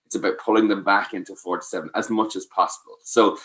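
His voice sits low, with a steady, slightly bright tone, and he's a fast talker. As a parenting expert giving an advice talk, he explains patiently and checks understanding by asking "does that make sense?"

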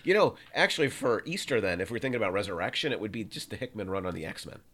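A man in relaxed podcast banter, jokey and a little scattered, dropping sentences halfway. His pitch rises and falls a lot as he talks. The voice has a bright, forward edge. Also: fast. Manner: playful, jokey, trails off mid-sentence. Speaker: podcast co-host. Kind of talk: casual chat.

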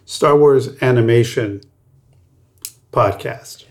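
A man's voice: medium pitch, takes it slowly. A man co-hosting a podcast, chatting casually with frequent laughs and loose, rambling phrasing. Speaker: podcast co-host.

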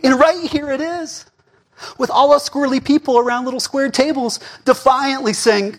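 A middle-aged man preaching a sermon in a church, animated and swinging between near-shouts and murmurs. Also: very high-pitched, normal speed. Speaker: pastor.

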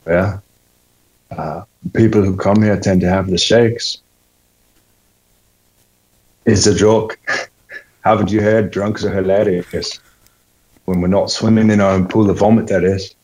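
A man's voice: deep voice, steady tone, unhurried, pauses often, a little mellow, poor audio. A man playing a friendly recovering alcoholic, attempting a Scottish accent in a rehearsed scene.

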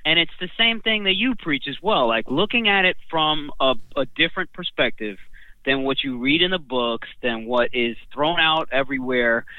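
A laid-back man chats as a podcast guest, dropping curses and calling his host bro. His voice sits a little high. The sound is thin and tinny like a phone call, with no room echo. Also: moderate pace. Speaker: podcast guest, trading coach. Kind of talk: casual podcast chat. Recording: tinny phone-line audio.

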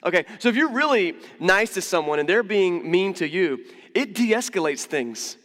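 A pastor delivers a conversational sermon, joking and going off on asides as he teaches. His voice sits a bit high for a man. A long reverb from the large hall trails after his words. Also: very animated, normal speed, fairly bright tone. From United States. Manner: conversational, humorous, with frequent asides and restarts.

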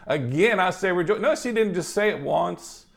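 A man's voice: sits high, animated, normal speed, vocal fry. A male preacher giving a folksy, upbeat sermon, often adding "you know" and chuckling between points.

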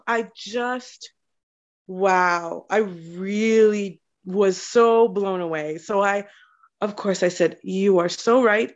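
Mother sharing a moving story, muffled call audio. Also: medium pitch. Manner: warm, slowing and softening when moved. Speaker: group member and mother. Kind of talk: casual sharing on a video call. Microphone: video call.

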